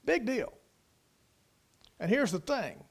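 A man's voice: very high voice, very animated, slow pace, gravelly. A middle-aged man preaching a sermon in a folksy manner, swelling into emphatic bursts. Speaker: preacher, Bible college teacher.

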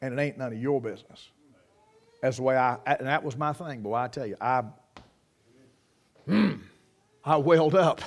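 A man delivers a sermon in a folksy, storytelling way. His voice sits a bit higher than most men's, and he often restarts his sentences, leaning on homespun sayings. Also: lively intonation, moderate pace, a bit bright. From United States. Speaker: pastor.

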